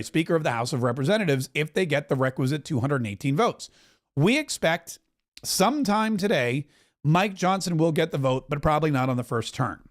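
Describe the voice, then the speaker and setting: Chatty man hosting live commentary. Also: on the high side. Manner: chatty, wry, quick asides. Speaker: political podcast host. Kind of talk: live commentary over a broadcast.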